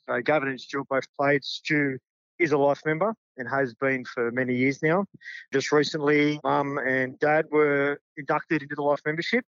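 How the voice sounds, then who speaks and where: A man's voice: mid-range voice, no echo, dull audio. A middle-aged Australian man, a junior football coach, talking sincerely in a casual interview. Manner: sincere, heartfelt.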